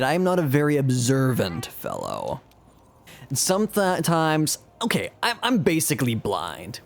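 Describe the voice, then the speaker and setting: A man streaming live, telling a story in a casual, self-mocking way and chuckling as he talks. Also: fairly high pitch.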